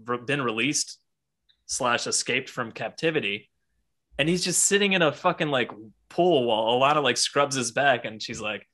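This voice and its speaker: Excitable bright-toned guy, podcast co-host, acts out quotes and swears freely. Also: mid-range voice, moderate pace. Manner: excited, heavy swearing, acts out characters' lines. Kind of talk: casual comic book discussion.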